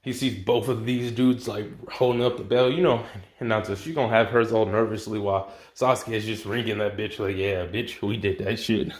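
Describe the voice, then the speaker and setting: A man's voice: on the low side, steady tone, fairly quick. A man hosting his channel, casually telling a fan what-if story in loose, slangy talk full of fillers and swearing. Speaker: channel host. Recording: roomy echo.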